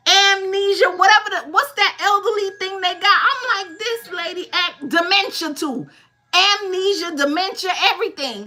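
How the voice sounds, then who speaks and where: A woman in her fifties giving casual, emphatic advice as a tarot reader host. Her voice sits very high and rings bright and clear. She keeps checking that her listener follows along. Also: expressive, moderate pace. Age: 50s.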